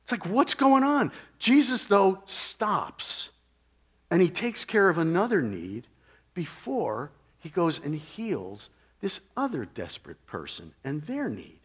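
A man gives a conversational sermon, putting rhetorical questions to his listeners and moving between loud exclamations and hushed, almost whispered lines. His voice is on the high side and slightly rough, with huge pitch swings and a slow pace.

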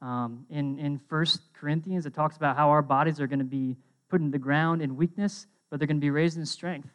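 Young guy preaching, chatty and animated, bit of a higher voice, lots of "right?". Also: a little fast, clear, resonant tone. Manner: animated storytelling. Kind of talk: casual sermon.

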